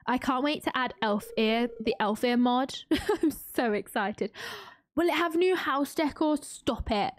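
An excitable woman streams a farming game and chats away with her viewers. Her high voice swoops all over the place. It is close and dry on a desk mic. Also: unhurried, dry recording. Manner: gushing, excitable, chatting with viewers. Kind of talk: casual live-stream commentary.

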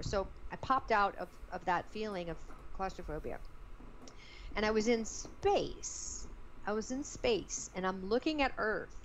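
A woman guest, an actress, tells a personal story in an interview in a lively, expressive way. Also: mid-range voice, a little slow, a little hiss or hum, low-quality recording.

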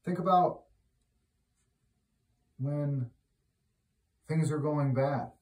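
A man giving an informal, conversational sermon who grows loud and emphatic when he exhorts. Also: a little high, extremely slow. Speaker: preacher. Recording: roomy echo, mic at a distance.

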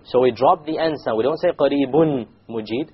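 A man teaching a recitation class, patiently repeating points, quizzing the students and slowly demonstrating words. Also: medium pitch, husky, highs cut off.

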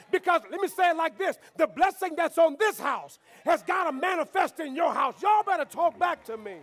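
A man. He builds to fervent shouts and falls back to quiet, intense lines. He keeps urging the pews to answer him. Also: extremely high pitch. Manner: preaching with call-and-response, swings between shouting and quiet. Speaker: pastor. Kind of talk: sermon. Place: church sanctuary.

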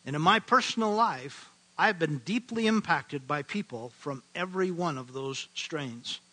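An older man from the American Midwest preaching a sermon, earnest and emphatic, slowing to stress key phrases. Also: on the high side, animated, sharp tone, low-quality recording. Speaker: pastor.

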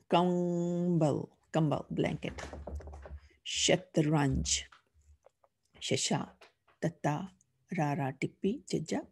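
Woman, middle-aged teacher, low husky voice, dark and mellow, sounds out letters patiently. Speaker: Punjabi language teacher. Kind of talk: slow, patient phonics lesson.

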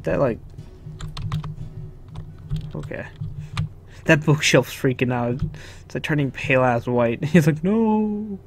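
A man's voice: medium pitch, fairly even intonation, a little slow, vocal fry, long pauses, faint music behind. A young man casually commenting on his own gameplay, swearing, chuckling and talking to himself. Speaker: gaming video host. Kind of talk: casual let's-play commentary.

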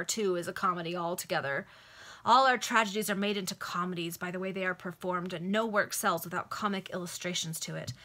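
A woman's voice: mid-range voice, pushed and bright. A woman voicing a chatty male bookseller who talks up his comic books. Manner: chatty salesman.

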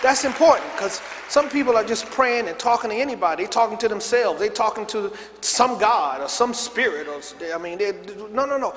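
A man's voice: sits high, animated, fairly quick, few pauses, a bit bright, some chatter behind, a little hiss or hum. A man a sermon as pastor, calling out to the congregation to repeat his words and answer him. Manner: preaching with call-and-response to the congregation. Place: large church sanctuary. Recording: long reverb of a big hall.

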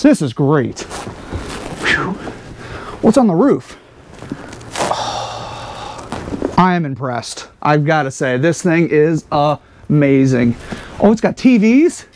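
A man hosting a casual vlog outdoors beside a vehicle, excitable and full of jokes. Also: sits high, noisy background. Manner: excitable, joking, wisecracking. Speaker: host.

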